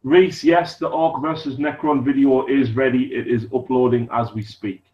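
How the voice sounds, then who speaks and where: A man's voice: mid-range voice, fairly even intonation, normal speed. A man co-hosting a casual live chat, chatting and reading out viewer comments. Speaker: co-host. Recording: roomy, distant and dull.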